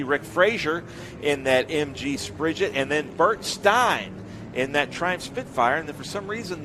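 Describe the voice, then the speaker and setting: Chatty male race commentator. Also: medium pitch. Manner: chatty, joking, rattles off driver lists.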